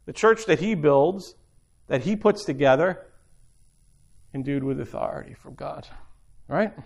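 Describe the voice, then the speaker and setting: A man's voice: fairly high pitch, lively intonation, a little slow, gravelly. A middle-aged man preaching an informal sermon, talking conversationally and repeating phrases for emphasis.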